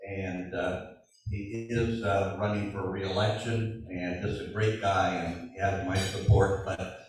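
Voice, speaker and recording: A man introducing his guest at a club meeting, hesitant and filling pauses with uh and um. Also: deep voice, flat delivery. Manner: hesitant, with many uhs and ums. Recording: echoey hall from far off.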